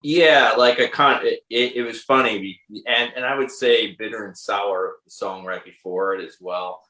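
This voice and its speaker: A man, a musician guest in a casual interview, talking in a halting way as he searches for words. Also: lowish voice, steady tone, sharp tone, reverberant, rough recording.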